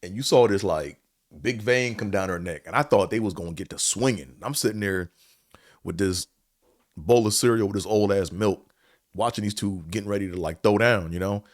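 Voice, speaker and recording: A man's voice: lowish voice, moderate pace, no room sound, studio quality. A man hosting a podcast, telling a story and reflecting in a rambling, casual way, with many fillers and casual swearing. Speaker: podcast host.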